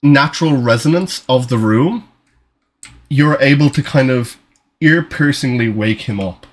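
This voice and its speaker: A man's voice: mid-range voice, measured pace. Casual swearing male game master. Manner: casual, swearing, self-interrupting. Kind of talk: narrating a tabletop game.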